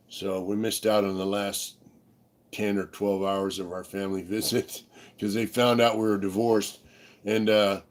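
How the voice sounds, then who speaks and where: A middle-aged man with a fairly low voice spins loose, profane stories full of fillers. He talks in an easy, laid-back way as a livestream co-host. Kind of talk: casual storytelling chat.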